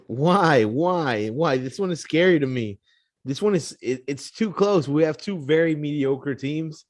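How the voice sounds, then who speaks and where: A man's voice: fairly high pitch, normal speed, darkish tone, no room sound, studio quality. A man co-hosting a casual betting podcast, hesitant and second-guessing himself, often stumbling over his words. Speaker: podcast co-host. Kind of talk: casual sports betting chat.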